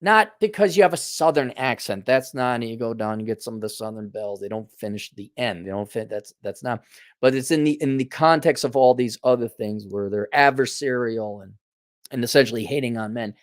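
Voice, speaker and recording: A man's voice: medium pitch, brisk, dry recording, studio quality. A man hosting a casual commentary rant, blunt, profane and sarcastic, often restarting his sentences. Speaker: host.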